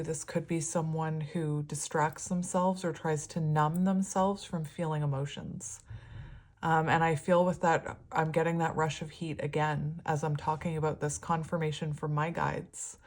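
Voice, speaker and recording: A woman's voice: sits low, steady tone, normal speed. A woman giving a casual, rambling tarot reading, her words slightly slurred. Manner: rambling, chatty, laughs often. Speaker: tarot reader.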